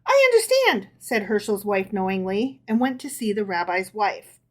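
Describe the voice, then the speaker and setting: A woman's voice: mid-range voice, normal speed. A woman podcast co-host reading folk tales aloud to her partner, with casual amused asides.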